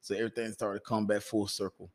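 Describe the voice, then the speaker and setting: A man's voice: fairly low pitch, flat delivery, fast talker. A man co-hosting a comedy podcast, talking loosely and profanely in casual banter, laughing often. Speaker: podcast co-host, stand-up comedian.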